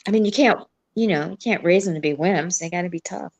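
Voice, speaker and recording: A woman's voice: on the low side, fast. Laughing older woman telling stories. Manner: laughing, frank storyteller. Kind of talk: casual storytelling chat.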